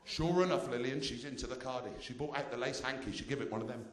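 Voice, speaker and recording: A man's voice: medium pitch, fast talker, roomy sound. A male stand-up comedian on a theatre stage, cheekily teasing the audience.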